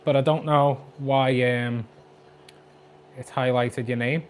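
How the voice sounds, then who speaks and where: A man in his twenties with a Scouse accent, chatting quickly and jokily on a livestream about his aquarium, reading out viewer comments. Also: mid-range voice, fairly even intonation, slight background noise. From Liverpool, England. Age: 20s. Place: flat at home.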